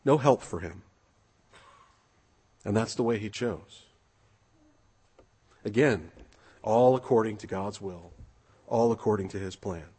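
A man's voice: fairly low pitch, slow, long pauses, mellow, slightly rough. A man preaching an earnest sermon, reading scripture and asking rhetorical questions.

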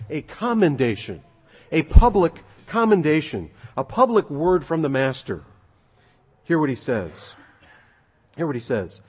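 A man delivers a sermon in a lively, swooping voice with a touch of huskiness. He preaches in an emphatic, conversational way. His words ring out with the long reverb of a large church hall. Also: mid-range voice, husky. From United States.

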